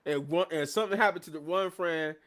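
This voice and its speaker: A man hosting a live show, retelling events in a casual, animated recap and acting out the quotes. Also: a little high, quick pace.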